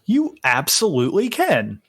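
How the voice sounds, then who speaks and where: Slow, unhurried male game master. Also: a little high, huge pitch swings, a bit bright, slightly rough, dry recording, clean studio sound. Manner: unhurried, with frequent fillers and self-corrections. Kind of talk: narrating a tabletop game.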